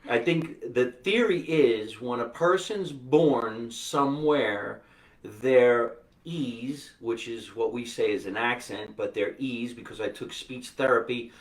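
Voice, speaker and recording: A man hosting a live podcast, chatting and joking with quick asides. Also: mid-range voice, distant mic. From New Jersey. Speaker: podcast host. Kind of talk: casual live-stream chat. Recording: echoey room, voice from off the mic.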